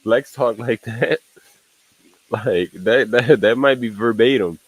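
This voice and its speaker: A man's voice: mid-range voice, slow, husky, dry recording, low-quality recording. Slangy, rambling young man reacting. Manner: rambling, slangy, repeats "you know what I'm saying"; animated, laughing asides. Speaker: streamer reacting to a video. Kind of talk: casual reaction commentary.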